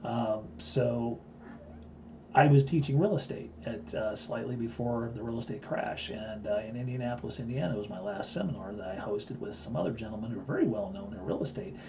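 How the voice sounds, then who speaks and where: A man's voice: medium pitch, brisk, noisy background. A man in his fifties hosting a live stream, telling a story in a blunt, boastful way. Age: 50s. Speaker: live-stream host and trading teacher.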